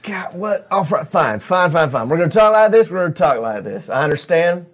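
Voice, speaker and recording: A man's voice: a little high, very animated, fairly quick, pitched above the performer's own voice. A man putting on an exasperated cowboy drawl. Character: swashbuckling male adventurer forced into cowboy talk.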